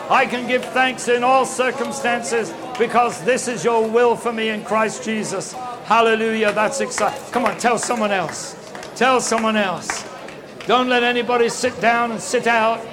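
A man preaching a sermon, urging the congregation to speak out, his voice strained. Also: very high-pitched.

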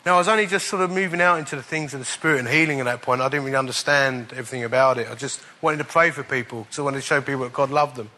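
A man preaching, telling a personal testimony in an animated way and chuckling at the funny parts. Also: mid-range voice, rapid-fire, hardly any pauses. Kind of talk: storytelling sermon.

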